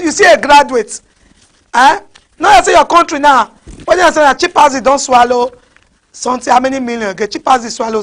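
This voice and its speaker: A woman preaching a sermon, animated, mixing in pidgin and often asking the crowd "huh?". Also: sits high. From West Africa.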